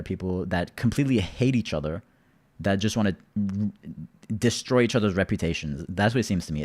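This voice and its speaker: A man's voice: lowish voice, darkish tone. A young man streaming, talking casually to his chat in an exasperated, rambling rant full of filler words. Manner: exasperated, rambling, peppered with "bro" and "like".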